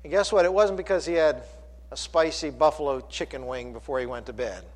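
A man preaching a sermon as pastor, animated, with sudden loud bursts and repeated words. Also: on the high side, fairly quick. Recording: long hall reverb.

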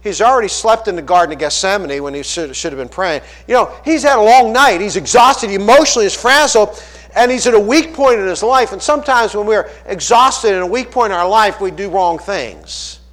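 A man's voice: high voice, lively intonation, brisk, a bit bright, big-room sound. A man from Pittsburgh, a pastor preaching a folksy sermon full of rhetorical questions.

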